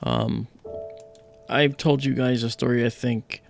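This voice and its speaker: A man's voice: mid-range voice, steady tone, slow pace, creaky, faint music behind. A man hosting an astronomy livestream, explaining casually with many fillers and restarts.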